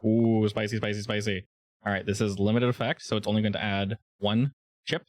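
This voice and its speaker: A man's voice: on the low side, fairly even intonation, a little fast, darkish tone, no room sound. A man running a tabletop role-playing game as game master, explaining rules casually with fillers.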